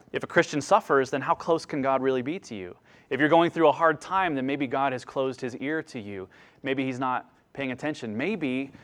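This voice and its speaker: Earnest man preaching, slightly high voice. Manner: earnest, swings between emphatic rises and hushed low asides. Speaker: pastor. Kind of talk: sermon.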